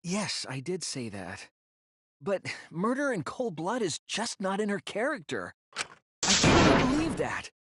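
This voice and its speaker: An actor voicing an earnest teenage boy detective in a video game, speaking in a soft-spoken way. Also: high-pitched, sing-song, unhurried, slightly rough, dry recording, studio quality, heavily acted. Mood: resolute.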